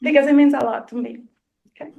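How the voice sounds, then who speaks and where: A woman's voice: high-pitched, steady tone, quick pace, vocal fry, darkish tone, highs cut off. Emotional young woman thanking a speaker. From Venezuela. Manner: emotional, laughing nervously. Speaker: audience member, law student.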